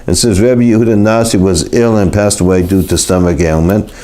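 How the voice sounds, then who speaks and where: A man teaching a live Torah class, talking haltingly with many repeated words and restarts. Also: low voice, fairly even intonation, dark tone. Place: classroom in Los Angeles.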